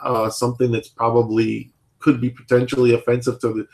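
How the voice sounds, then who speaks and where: A man in his thirties chatting casually as a podcast host, rambling and filling pauses with "like" and "you know". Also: medium pitch, completely flat delivery, creaky, a little mellow. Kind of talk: casual chat.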